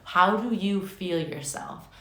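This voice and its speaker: A young adult woman giving a casual live tarot reading, chatty and excitable, swearing often. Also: mid-range voice, slow. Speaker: tarot reader. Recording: echoey room with faint noise.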